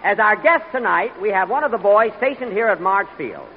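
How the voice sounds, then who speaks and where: A radio comedian with a high, lively voice that swoops up and down, indignant and halting with little uh's. The sound is a tinny, crackly 1940s broadcast, with a live audience roaring and hiss underneath. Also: male voice. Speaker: comedian hosting a radio show.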